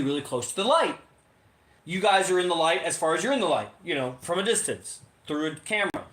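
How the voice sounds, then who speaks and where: A man's voice: a little high, a bit bright. Rambling profane man in a roomy space. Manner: rambling and profane, lots of fillers. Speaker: podcast co-host. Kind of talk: casual livestream monologue. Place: home in Las Vegas. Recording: roomy echo.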